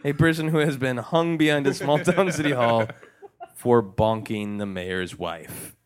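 A man hosting a comedy podcast, improvising a ghost story in a hushed, mock-spooky way. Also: mid-range voice, measured pace. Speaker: podcast host.

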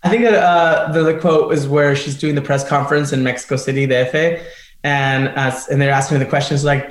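A man's voice: fairly high pitch, fairly even intonation, a little fast, echoey room. A man, a guest on a podcast, chatting casually, rambling and laughing easily. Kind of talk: casual chat.

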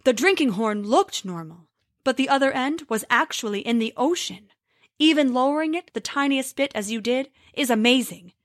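A woman voicing a male giant who calmly explains his tricks in a storybook tale. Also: high voice, moderate pace, dry recording, studio quality. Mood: explaining. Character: huge cheerful male giant.

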